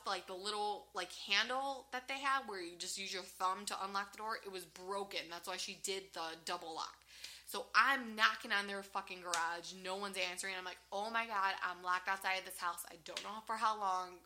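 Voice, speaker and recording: Female podcast co-host, lively storyteller, bright tone, cusses freely. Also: medium pitch, normal speed. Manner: animated, swears freely, laughs often. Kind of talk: casual storytelling chat.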